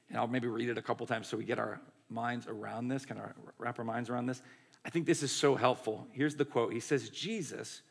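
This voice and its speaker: A man delivers a sermon in a loose, chatty preaching style. His voice carries a gravelly edge at a mid pitch. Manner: conversational, animated preaching with many "like" and "right". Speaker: pastor.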